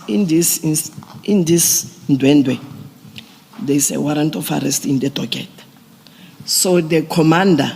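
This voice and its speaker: Gravelly police general testifying. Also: male voice, on the high side, darkish tone. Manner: deliberate, procedural, restarts phrases. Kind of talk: formal testimony at a hearing. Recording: long reverb of a large hearing room.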